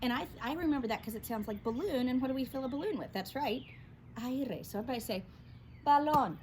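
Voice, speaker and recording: A woman's voice: high voice, quick pace, noisy background. Upbeat woman teaching kids. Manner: upbeat, prompting kids to repeat words. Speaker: Spanish teacher. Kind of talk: children's language lesson.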